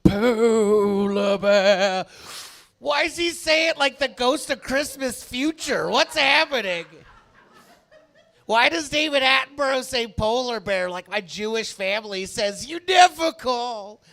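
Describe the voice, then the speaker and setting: A male stand-up comedian on a club stage with a handheld mic, energetic and animated, swinging from loud bursts to quiet asides. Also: extremely high pitch, measured pace, gravelly.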